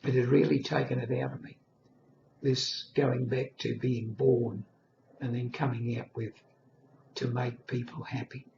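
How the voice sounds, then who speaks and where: A man's voice: medium pitch, flat delivery, unhurried, creaky, noisy background. An elderly man in his eighties telling a personal story in an earnest, reflective monologue. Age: 80s. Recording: echoey lo-fi room recording.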